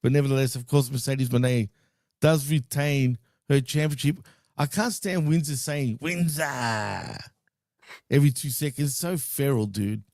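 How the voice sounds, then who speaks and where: Excitable man chatting wrestling, dude and bro. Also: medium pitch, moderate pace, dry recording, clean studio sound. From Greek heritage. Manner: loose and excitable, swears and says dude and bro. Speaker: podcast co-host. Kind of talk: casual wrestling chat.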